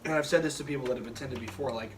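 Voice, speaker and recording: A man appearing as a podcast guest, telling stories in casual chat, animated and profane, laughing often. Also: mid-range voice, rapid-fire, distant mic, background noise.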